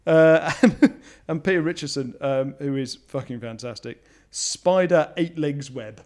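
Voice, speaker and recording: A man's voice: a little high, measured pace, darkish tone. A man chatting casually on a podcast, full of stammered restarts and strong opinions, recorded in a home garage studio. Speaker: podcast co-host. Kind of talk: casual chat.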